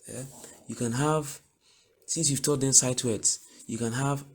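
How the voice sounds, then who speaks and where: A man teaching reading and phonics to other teachers, explaining step by step and slowly repeating example words and sentences. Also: mid-range voice, steady tone, breathy edge. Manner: explanatory, asks "do you get it?". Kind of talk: spoken lesson for teachers.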